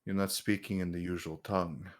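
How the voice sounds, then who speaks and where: A man's voice: little pitch movement, fairly quick, close to an everyday voice. Man doing a smug, pompous usurper king. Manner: pompous, mock-polite, lowered voice.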